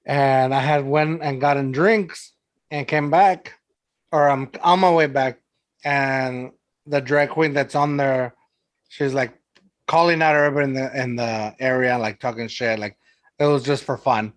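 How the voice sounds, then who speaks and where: A podcast host from San Antonio, Texas talks at a measured pace with a medium, fairly even voice. He strings together loose stories in casual chat, heavy on "like" and quick to laugh.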